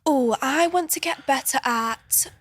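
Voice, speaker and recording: A young woman in her twenties chats as a podcast guest. Her voice sits a little high, and she often breaks into laughter mid-sentence. The sound is dry and close. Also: a little slow, a bit bright, dry recording. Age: 20s. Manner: chatty, laughs through stories, frequent restarts and likes. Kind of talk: casual chat, storytelling.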